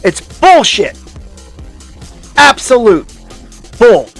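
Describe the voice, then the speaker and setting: High-voiced man ranting slowly. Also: very animated, fairly bright tone, breathy edge, soft background music. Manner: heated, profane, with frequent restarts. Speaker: YouTube commentary host. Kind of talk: angry commentary rant.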